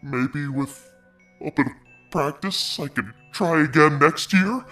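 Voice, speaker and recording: A man's voice: a little high, slow, a bit bright, soft background music. A man voicing a boastful pumpkin monster who calls himself king of the gourds, speaking in a grand, theatrical villain manner in an audio drama. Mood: hopeful.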